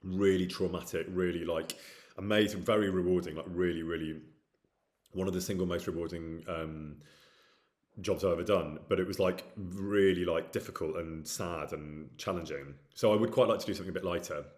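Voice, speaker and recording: A man's voice: low-pitched, fairly even intonation, fairly quick, darkish tone. A middle-aged man with a light Midlands accent, chatting casually and candidly as he answers viewer questions, with frequent ums and restarts. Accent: light Midlands English. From England. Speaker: actor streaming with chat.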